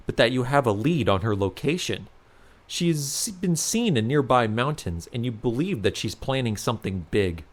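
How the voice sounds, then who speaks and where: A man narrating a second-person fantasy adventure story aloud, in an expressive reading style. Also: medium pitch.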